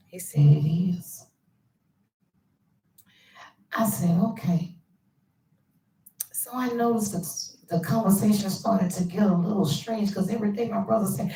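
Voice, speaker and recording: A woman host tells a personal family story to her viewers, quoting relatives and dropping to hushed asides. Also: measured pace, long pauses, far from the mic. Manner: quotes family members with shifts in pitch and hushed asides. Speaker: channel host. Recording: echoey room, voice a bit off-mic.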